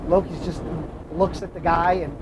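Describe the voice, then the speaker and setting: A man's voice: high voice, steady tone, normal speed, noisy background. Man telling stories on a drive. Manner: rambling, self-correcting anecdotes. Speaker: vlog host. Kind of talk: casual storytelling chat. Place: inside a moving vehicle.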